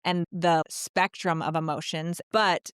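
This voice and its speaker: A woman's voice: lowish voice, fairly even intonation, measured pace, smooth, no echo, clean studio sound. A woman speaking as a guest in a casual podcast conversation, explaining ideas in an earnest, coaching way.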